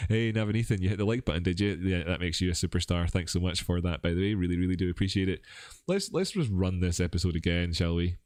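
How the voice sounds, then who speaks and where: Low-voiced Scottish man, chatty and rambling. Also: darkish tone, dry recording, clean studio sound. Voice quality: a bit rough voice. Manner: rambling, self-mocking, chatty asides. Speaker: crypto livestream host. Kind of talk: casual live chart analysis.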